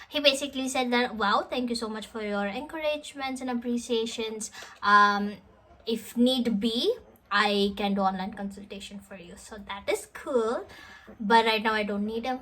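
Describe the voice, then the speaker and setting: Chatty woman with a slightly high voice. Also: fairly even intonation, measured pace, a bit bright, rough recording. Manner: chatty, emotional, laughing between words. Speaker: vlogger. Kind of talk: casual storytelling vlog.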